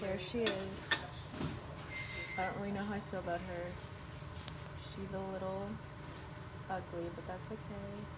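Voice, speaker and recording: A woman's voice: mid-range voice, level tone, measured pace, pauses often, heavy background noise. A woman in her twenties narrating a casual food vlog in a chatty, giggly way, full of fillers. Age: 20s. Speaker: vlogger.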